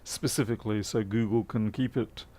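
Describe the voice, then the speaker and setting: A man's voice: lowish voice, fairly even intonation, normal speed, warm tone. A man chatting casually and dryly while working, answering viewers' questions. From Australia. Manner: chatty, dry humour, answers chat questions. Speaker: repair streamer. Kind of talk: casual live-stream chat while working.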